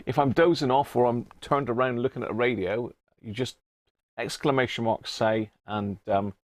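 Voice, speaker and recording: A middle-aged man talks casually on a live stream from his workshop. He is chatty and easygoing, greeting viewers by name and chuckling between remarks. His voice sits at a medium pitch and sounds dry and close, with no room echo. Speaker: livestream host.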